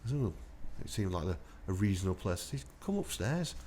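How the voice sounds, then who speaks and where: Fast-talking veteran storyteller. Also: male voice, low-pitched, mellow, slight background noise. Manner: chatty anecdotal, laughs through stories. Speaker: army veteran guest. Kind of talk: casual storytelling interview.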